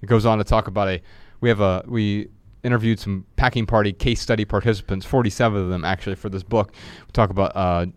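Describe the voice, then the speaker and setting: A middle-aged man co-hosting a podcast, chatting and reading his own writing aloud with lively storytelling. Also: fairly low pitch, quick pace, no echo. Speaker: podcast co-host.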